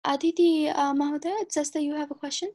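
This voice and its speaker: A woman teaching an online language class, slowly drilling syllables and calling on students over a video call. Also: sits high, fairly even intonation, dark tone. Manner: patient, slow, drills sounds syllable by syllable.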